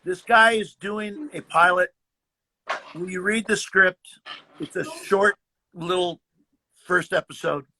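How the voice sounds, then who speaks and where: An older man tells stories in a casual, animated way, acting out the lines of people he talks about. His voice sits high and gravelly, with a husky, bright edge. He often repeats words as he goes. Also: takes it slowly, long pauses, slight background noise. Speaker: guest actor. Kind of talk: casual storytelling.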